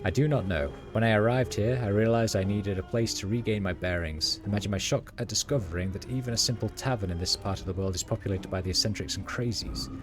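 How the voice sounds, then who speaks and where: A pompous fantasy warrior who is quick to take offense, as a man reads him aloud. He speaks in stiff, old-fashioned phrases with a low voice. Game music plays clearly behind him. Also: close to an everyday voice. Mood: haughty. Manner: pompous, archaic formal speech. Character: arrogant, proud human warrior man, easily offended.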